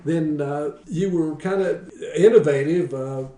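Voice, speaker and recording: A man hosts an interview, asking his questions haltingly with a few filler sounds. His voice has a mellow tone, and he sits back from the mic in a roomy space. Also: fairly high pitch, recorded from a distance. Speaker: podcast host.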